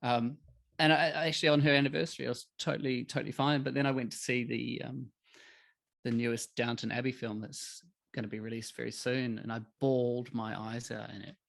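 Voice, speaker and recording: A middle-aged man, a podcast guest telling emotional stories in a candid, animated way. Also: medium pitch, a little fast, vocal fry. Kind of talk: candid conversational interview.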